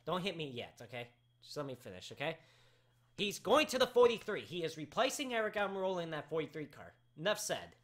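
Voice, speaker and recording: Excitable rambling male chat host. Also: a little high, fast. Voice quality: voice cracks. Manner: excitable and rambling, prone to sudden shouts. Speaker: talk show host. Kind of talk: casual live chat.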